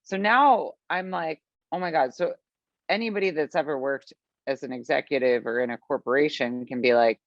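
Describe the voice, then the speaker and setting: A woman from the Midwest, a podcast guest telling a long story in a chatty, animated way, full of fillers and acted-out quotes. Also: rumbling low, moderate pace, dry recording. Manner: animated, chatty, filler-heavy, acts out her own past lines. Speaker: podcast guest, business founder. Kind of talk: storytelling in conversation. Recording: dull, lo-fi, dry sound.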